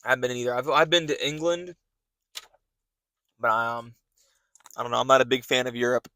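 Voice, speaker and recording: A man's voice: mid-range voice, fairly even intonation, fairly quick, sharp tone, dry recording. A young man, hosting a podcast in loose, rambling casual chat full of fillers and restarts. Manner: rambling, filler-heavy talk with many restarts. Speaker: podcast host.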